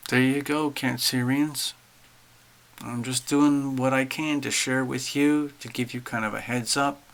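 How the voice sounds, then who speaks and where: A man's voice: mid-range voice, fairly even intonation, a little slow, a bit bright. A man hosting a casual astrology livestream, chatting animatedly to viewers while drawing charts.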